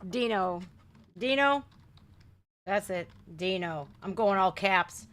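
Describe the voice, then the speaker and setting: A middle-aged woman, chatting loudly and excitably on a live stream while reacting to music videos. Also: medium pitch, takes it slowly. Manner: loud, brash and excitable, shouting and laughing.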